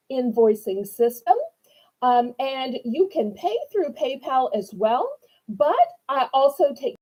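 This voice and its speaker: Woman hosting a live sale, high, sweet and chatty, mellow tone. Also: low-quality recording. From New Orleans, Louisiana. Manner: sweet, chatty, animated and eager to please. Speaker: live auction seller. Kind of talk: live-stream sales chat.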